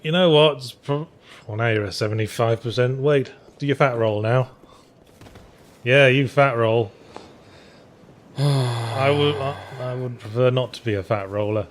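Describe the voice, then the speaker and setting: A man's voice: mid-range voice, measured pace, long pauses, slight background noise. A man co-hosting a let's play with casual gameplay commentary, dry and teasing as he guides the other player.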